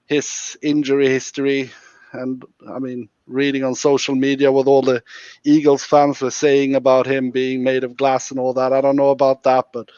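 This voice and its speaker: A man's voice: medium pitch, darkish tone, no echo. A man calling into a live fan stream, chatting casually and thoughtfully with many "I mean"s. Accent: non-American. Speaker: caller. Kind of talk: casual chat. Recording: dull lo-fi call audio.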